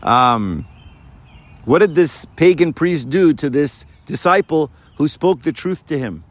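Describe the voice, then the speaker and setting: A man giving a sermon to a live audience, lively and full of rhetorical questions. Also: fairly high pitch, measured pace. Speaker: preacher.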